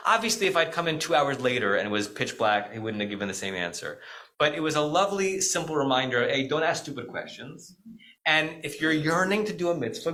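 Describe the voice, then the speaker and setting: A man's voice: fairly high pitch, lively intonation, fairly quick, bright, forceful tone, rough recording. A middle-aged man, an American rabbi, giving a conversational Shabbat teaching with frequent "right?" asides and self-corrections.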